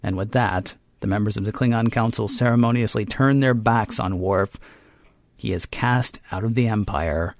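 A man co-hosting a podcast, recapping a story in a wry, quick way with asides. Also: lowish voice, no echo. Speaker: podcast co-host. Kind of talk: casual chat and episode recap.

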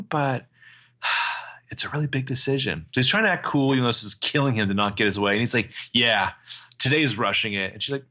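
A man's voice: medium pitch, brisk. A man co-hosting a casual TV recap podcast, joking and swearing freely. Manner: lively, profane, jokey. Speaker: podcast co-host.

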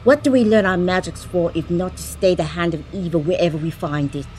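A woman's voice: fairly low pitch, fairly even intonation, slow pace, warm tone, slight background noise, poor audio. A woman playing a fiery, defiant mambo. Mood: indignant. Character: fierce female mambo, proud and defiant. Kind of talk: audio drama acting.

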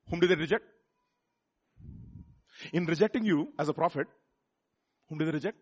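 A man with a Telugu accent preaching a sermon, repeating words and building up to loud rhetorical questions. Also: sits high, animated, fairly quick, pauses often, slightly rough. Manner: repeats words and restarts phrases.

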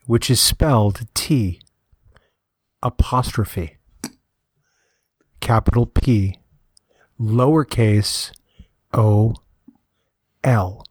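A man playing a calm, measured male public-radio announcer, speaking slowly and formally. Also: mid-range voice, no room sound. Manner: slow, hushed, overly formal delivery.

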